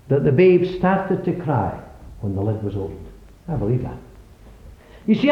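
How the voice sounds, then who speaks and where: A man preaching a sermon, emphatically questioning the congregation, with sudden swings in loudness. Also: on the high side. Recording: echoey, dull lo-fi recording.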